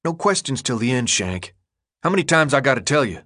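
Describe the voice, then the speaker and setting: A man doing a gruff, bossy teen leader with a rough drawl. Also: mid-range voice, sing-song, fairly quick, a bit bright. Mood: stern. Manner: rural drawl with slang, clipped and bossy. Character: gruff teen boy leader, blunt and commanding.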